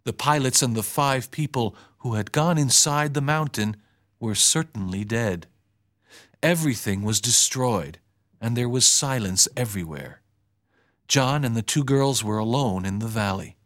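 A man narrating a story chapter in an even, measured storytelling voice. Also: medium pitch. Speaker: audiobook narrator. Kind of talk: scripted narration.

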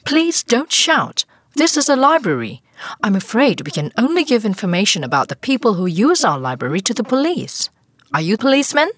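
A man voicing a calm, polite woman librarian in a storybook, speaking slowly and primly. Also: very high-pitched, no room sound, clean studio sound, pitched above the performer's own voice, heavily acted. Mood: polite firm. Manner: slow, prim and politely firm.

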